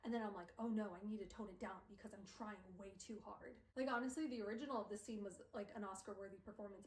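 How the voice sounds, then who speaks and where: A woman's voice: mid-range voice, slight background noise. A young woman streamer recapping a book in her room, chatty and self-deprecating, saying "like" constantly. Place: her bedroom. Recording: roomy sound from a distant mic.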